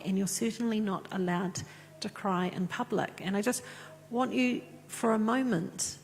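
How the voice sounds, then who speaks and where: A woman pastor preaches and reads scripture in an earnest, conversational way, her medium-pitched voice somewhat dark in tone. The recording sounds echoey, as a church would, with a faint hum.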